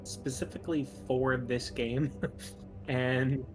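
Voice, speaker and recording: A man's voice: mid-range voice, steady tone, slow pace, darkish tone, soft background music. A man chatting playfully with friends during a game, teasing them and laughing often. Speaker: friend playing along. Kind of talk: casual gaming chat.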